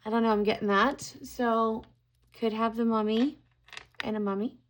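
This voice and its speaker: A woman's voice: on the high side, steady tone, normal speed, slight background noise. A middle-aged woman giving a casual tarot card reading to camera, musing aloud and exclaiming at what she draws.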